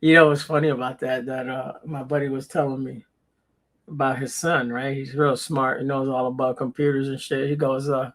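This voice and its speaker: A man's voice: medium pitch, flat delivery, normal speed, fairly bright tone. A man in a casual chat who laughs often and swears casually as he talks.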